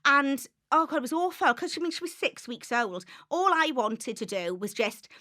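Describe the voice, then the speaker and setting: A Welsh woman in her forties, a podcast guest chatting casually and telling animated stories that act out her own past thoughts. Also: high-pitched, normal speed. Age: 40s. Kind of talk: casual chat.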